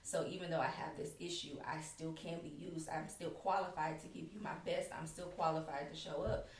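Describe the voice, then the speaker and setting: A woman's voice: low voice, steady tone, fairly quick. A woman speaking as a podcast guest, candidly telling her own personal story in a casual way. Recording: echoey room, far from the mic, faint background noise.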